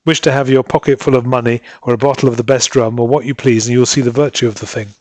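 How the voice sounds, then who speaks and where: A man's voice: medium pitch, steady tone, quick pace, a little mellow, natural voice. A man voicing a troubled island husband who speaks earnestly and pleads.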